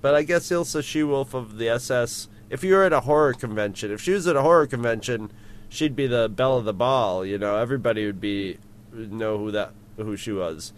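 A man's voice: medium pitch, brisk. A man chatting casually as co-host, rambling through restarts and chuckling at his own remarks. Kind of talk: casual chat.

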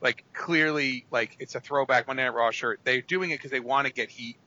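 A man's voice: medium pitch, steady tone, brisk, sharp tone, no room sound, highs cut off. A man co-hosting a casual wrestling podcast, telling rambling, profane stories and acting out the quotes. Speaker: podcast co-host.

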